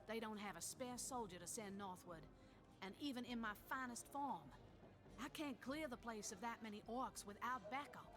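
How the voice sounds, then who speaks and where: A woman's voice: a little high, moderate pace, natural voice. A woman voicing a boisterous retired woman warrior with a Southern American accent, folksy and rousing in a video game. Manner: folksy, rousing, full of old sayings. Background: game music.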